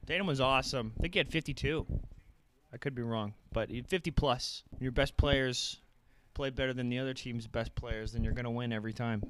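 A young man giving casual, profane play-by-play as a fan while watching a game, bursting into excited shouts. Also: mid-range voice, moderate pace, clear, resonant tone.

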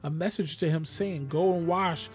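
Preaching man, higher voice, soft music behind. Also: normal speed. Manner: call-and-response preaching, rising to exclamations. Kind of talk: radio sermon.

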